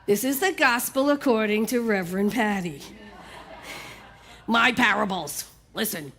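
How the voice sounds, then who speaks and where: A woman's voice: medium pitch, a little slow, bright, forceful tone. A woman minister giving a sermon in a conversational, humorous way, often checking in with "right?".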